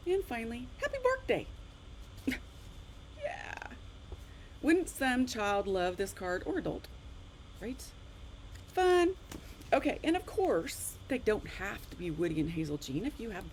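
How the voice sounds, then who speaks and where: A chatty woman hosts a live online craft class, her voice swinging widely in pitch as she shows off her cards. She talks in an animated, exclamatory way. A faint hum of room ambience sits behind her. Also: poor audio. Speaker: card-making instructor.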